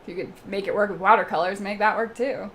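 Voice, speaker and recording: A young woman hosting a casual live stream, chatting with viewers while she paints, laughing often and breaking into animated asides. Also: medium pitch, quick pace, a little hiss or hum. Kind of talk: casual chat while reading viewer comments.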